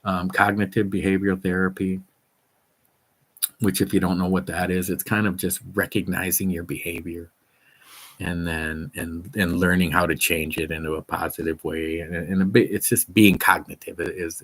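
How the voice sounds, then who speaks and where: Very deep-voiced rambling man. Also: level tone, normal speed, a bit bright, husky. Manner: rambling, enthusiastic, many fillers and restarts. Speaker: fitness vlogger. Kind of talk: casual chat to camera.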